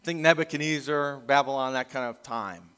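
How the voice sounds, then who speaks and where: A man's voice: mid-range voice, normal speed, fairly bright tone, clean tone, in a large hall. A middle-aged male pastor preaching a conversational sermon, acting out the voices he quotes.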